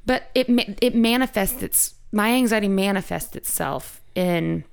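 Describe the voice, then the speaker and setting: A woman's voice: mid-range voice, a little slow. A woman hosting a podcast, telling a personal story in casual chat, rambling and frank, swearing freely. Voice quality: creaky.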